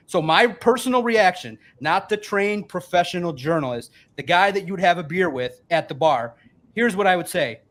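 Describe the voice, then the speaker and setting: A man's voice: high voice, lively intonation, normal speed, fairly bright tone. A man in his forties, a sports podcaster guesting on the show, talking emphatically and with plenty of swearing, a little tipsy from beer. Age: 40s. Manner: emphatic, profane, rambling. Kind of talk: casual podcast chat.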